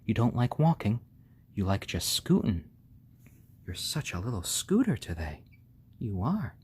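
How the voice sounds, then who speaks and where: A man hosting a casual live stream, talking gently and fondly to his baby chicks and thanking viewers. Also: fairly low pitch, big pitch swings, unhurried, slightly rough. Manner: gentle, doting, talks softly to the chicks.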